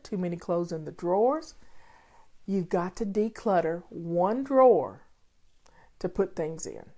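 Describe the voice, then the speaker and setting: With a mellow, medium-pitched voice, an older home-organizing host chats folksily with viewers in a casual live session. Faint music plays behind her as she talks.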